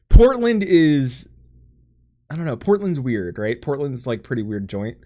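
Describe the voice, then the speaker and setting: A man's voice: mid-range voice, lively intonation, takes it slowly, mellow. American guy hosting a gaming podcast, joking around, voice bounces up and down a lot. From United States. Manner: joking, reads chat aloud, laughs often. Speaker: podcast host. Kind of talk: casual gaming podcast chat.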